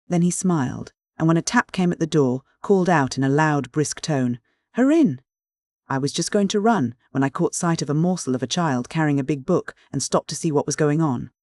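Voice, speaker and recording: A man reading a classic novel aloud as an audiobook narrator, in even, clear first-person storytelling. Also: on the high side, fairly quick, hardly any pauses, no room sound, studio quality.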